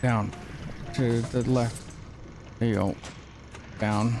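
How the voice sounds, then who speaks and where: A man streaming a horror game live, exasperated and swearing, repeating words in rapid bursts. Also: mid-range voice, steady tone, background noise. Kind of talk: live gameplay commentary.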